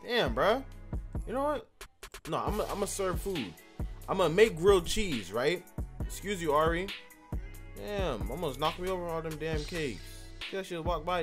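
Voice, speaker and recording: Gaming host, man, lively swooping delivery, slightly high voice, jokey and crude. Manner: animated, joking, profane, talks to the game characters. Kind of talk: casual let's-play commentary.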